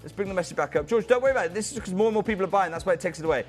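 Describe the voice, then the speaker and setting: A man's voice: high voice, lively intonation, rapid-fire, soft background music. A man presenting a live shopping channel sale, urgent and persuasive, calling out viewers by name. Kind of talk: fast live sales pitch. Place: TV studio.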